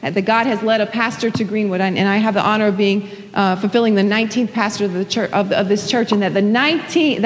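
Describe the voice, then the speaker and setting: A woman pastor preaching an impassioned sermon in a church, often repeating her phrases and breaking into exclamations. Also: a little high. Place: church sanctuary. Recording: hall reverb.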